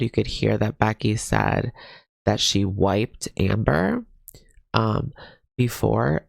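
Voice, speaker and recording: Stuffy-voiced young man with gravelly fry. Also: fairly low pitch, dry recording, clean studio sound. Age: young adult. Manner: chatty, gossipy, filler-heavy. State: stuffy, under the weather. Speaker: drama commentary host. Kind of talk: reaction commentary.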